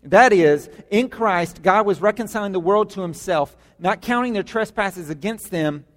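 High-voiced preaching man in a reverberant hall. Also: moderate pace. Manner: emphatic, repeats words for stress. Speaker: pastor. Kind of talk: sermon. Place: church sanctuary.

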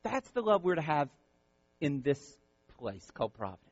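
Pastor, male, passionate sermon, bit high voice, dry muffled recording. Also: very animated, normal speed, no echo. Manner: impassioned, repeats words, builds to loud peaks then drops soft.

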